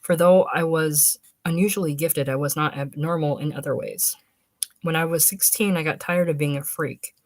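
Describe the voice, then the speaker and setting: A woman's voice: sits low, fairly even intonation, moderate pace, dry recording, natural voice. A woman reading aloud, voicing a stiff, earnest young male scholar who lectures precisely. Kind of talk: audiobook reading.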